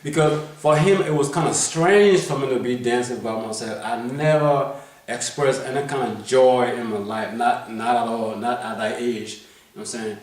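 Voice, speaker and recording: A man's voice: mid-range voice, moderate pace. A man tells a story from his life in a loose, rambling way, restarting his sentences and checking in with his listener. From Liberia. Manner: rambling, many restarts, keeps asking "you know what I'm saying". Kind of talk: casual life-story telling. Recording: very echoey room, mic far off.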